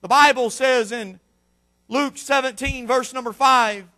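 A man, a missionary preacher, delivering an impassioned sermon with repetitive cadences that build to shouted peaks. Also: very high-pitched, fairly even intonation, unhurried.

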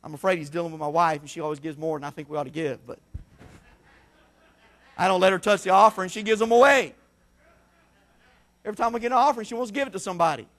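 A middle-aged man preaches in a church sanctuary. His voice sits very high and sounds bright and tense. He tells folksy stories, climbs to shouts and then falls to quiet, hushed asides. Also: quick pace, long pauses. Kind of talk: sermon.

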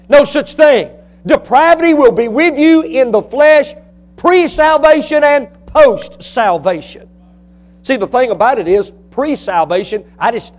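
A man's voice: extremely high pitch, darkish tone. A male pastor preaching a sermon in a church, building to emphatic bursts and asking rhetorical questions.

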